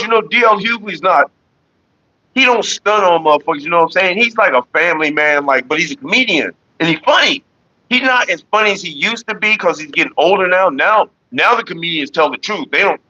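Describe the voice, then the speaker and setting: A man's voice: a little high, no echo, lo-fi sound. Profane rambling man on a livestream. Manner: profane, rambling, animated retellings. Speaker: livestream host. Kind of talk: casual livestream chat.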